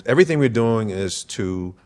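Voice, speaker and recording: A man's voice: fairly low pitch, expressive, moderate pace, darkish tone. A man speaking as a podcast guest, earnest and emphatic, often checking in with "right?". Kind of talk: conversational interview.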